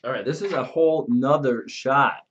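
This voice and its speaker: A man's voice: mid-range voice, normal speed, a bit bright, dull audio, a little hiss or hum. A man cracking jokes as co-host of a live comedy stream. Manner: playful, joking.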